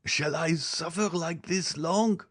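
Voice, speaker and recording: A man's voice: fairly high pitch, slow, a bit bright, voice pushed up. A man voicing a dying old male servant in agony, speaking in a strained, gasping way as he reads a storybook. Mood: agonized.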